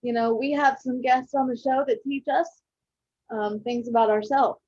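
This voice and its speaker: A woman co-hosting a podcast, talking earnestly and haltingly with many fillers and restarts. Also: high voice, steady tone, darkish tone, slightly rough, no room sound. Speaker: podcast co-host. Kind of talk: heartfelt casual podcast talk. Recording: dull lo-fi dry sound.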